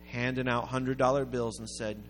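A man preaching a sermon, telling a story in a rambling way that builds to loud, emphatic peaks. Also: mid-range voice, level tone, normal speed. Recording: long hall reverb with faint music.

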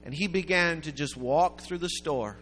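A man preaching a sermon, telling a story in a rambling way that builds to loud, emphatic peaks. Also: fairly high pitch, normal speed, a little hiss or hum. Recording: long hall reverb with faint music.

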